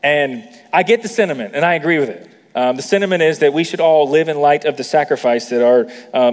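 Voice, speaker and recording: High-voiced pastor preaching in a hall. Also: male voice. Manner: conversational, many fillers, rising to emphatic peaks. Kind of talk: sermon.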